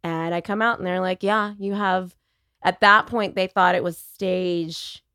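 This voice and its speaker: A woman's voice: fairly low pitch, measured pace, clear, resonant tone, no echo. Wry woman telling a story, dry close sound. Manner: wry, animated, acts out quoted voices. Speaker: podcast guest. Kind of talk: casual storytelling conversation.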